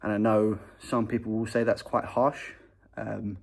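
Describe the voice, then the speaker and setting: A young man giving a casual, opinionated reaction to a football match from a small studio, with loud excited bursts. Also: fairly low pitch, unhurried, vocal fry. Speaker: football fan reviewer.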